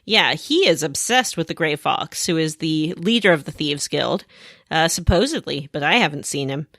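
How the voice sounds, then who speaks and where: Animated woman retelling a game. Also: low voice, moderate pace, no room sound, clean studio sound. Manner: animated storytelling, acts out characters. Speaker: podcast co-host. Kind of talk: casual chat recapping a game.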